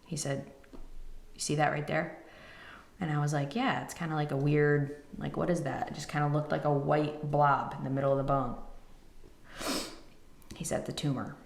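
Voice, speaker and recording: Low-pitched woman telling her own story, roomy echo, gets emotional. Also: little pitch movement, normal speed, creaky, pauses often. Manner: emotional, quotes others in retelling. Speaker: podcast host. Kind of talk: personal storytelling.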